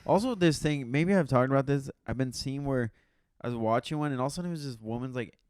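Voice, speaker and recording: A man's voice: mid-range voice, fast, a little mellow, clean tone, no room sound, studio quality. A young man co-hosting a comedy podcast, laid-back and blunt, swearing casually. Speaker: podcast co-host. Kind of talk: casual chat.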